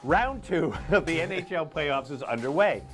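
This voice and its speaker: A man's voice: fairly high pitch, animated, normal speed, soft background music. A middle-aged man from Rhode Island hosting a live morning show, chatting casually and rambling with lots of fillers.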